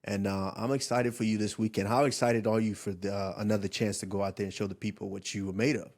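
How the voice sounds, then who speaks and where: A man in his thirties co-hosting a casual sports talk show, animated and loose, often restarting his sentences and leaning on fillers as he interviews a guest. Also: on the low side, fast. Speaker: podcast co-host and interviewer. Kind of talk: casual chat.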